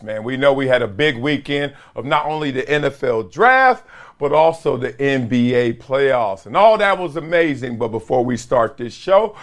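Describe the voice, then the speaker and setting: Middle-aged male host, slightly high voice, loose slangy storyteller, animated casual monologue. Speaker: podcast host. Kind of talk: casual sports talk monologue.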